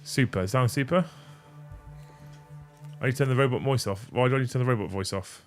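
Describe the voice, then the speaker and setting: With soft music playing in the background, this livestream host talks briskly in a mid-range voice. He's fixing his audio settings on a desk-mixer studio mic, chatting casually and cursing freely as he goes.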